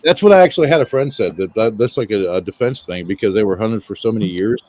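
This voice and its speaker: Low-voiced Scandinavian-born storyteller man. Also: lively intonation, fast, darkish tone, no room sound. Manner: rambling storyteller, swears casually, acts out quotes. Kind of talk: casual chat.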